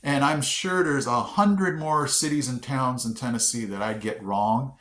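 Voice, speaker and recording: Man, casual vlogger, middle pitch, halting with fillers, roomy echo. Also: fairly bright tone. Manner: sounds out words haltingly, many fillers. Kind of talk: casual chat to camera.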